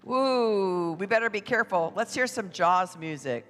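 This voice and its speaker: Brief: bright, unhurried family-parade emcee, playful drawn-out calls, reverberant church hall with music under. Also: mid-range voice, expressive. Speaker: parade announcer. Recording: echoey hall with music behind.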